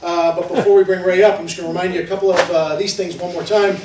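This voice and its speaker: A man hosting a live storytelling event, making quick joking announcements. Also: high-pitched, level tone. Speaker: event host. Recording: echoey hall, distant mic, crowd noise.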